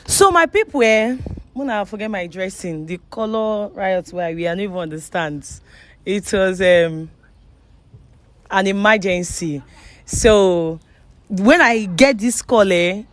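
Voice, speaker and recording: A woman's voice: mid-range voice, no echo. A woman with a Nigerian accent hosting an online chat show, chatty and mixing Pidgin into her English. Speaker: host.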